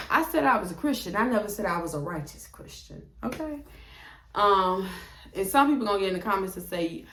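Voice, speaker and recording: A woman's voice: medium pitch, expressive, fairly quick, reverberant, noisy background. A young woman, telling a blunt, profane story to camera and acting out both sides of the dialogue. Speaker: storytime vlogger.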